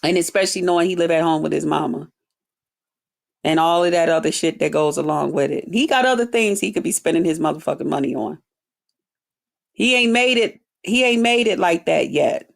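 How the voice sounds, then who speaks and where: A woman's voice: fairly low pitch, fairly quick, gravelly. A woman hosting a livestream, bluntly ranting to her chat with heavy profanity and mocking drawled quotes. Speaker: livestream host. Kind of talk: profane commentary rant to chat.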